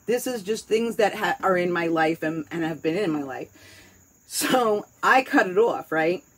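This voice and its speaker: A woman's voice: on the low side, animated, a little slow, a bit bright, breathy edge, poor audio. A woman with a New York accent chatting casually, candid and rambling, swearing freely as she talks. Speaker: host. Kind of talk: casual chat.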